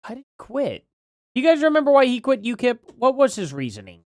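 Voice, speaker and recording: A male streamer talks off the cuff, musing aloud and second-guessing himself as he reacts. His pitch leaps around animatedly, and the sound is dry and close with no room to it. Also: huge pitch swings, a little fast, no echo. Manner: rambling, thinking aloud, self-questioning. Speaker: streamer host. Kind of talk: casual live-stream commentary.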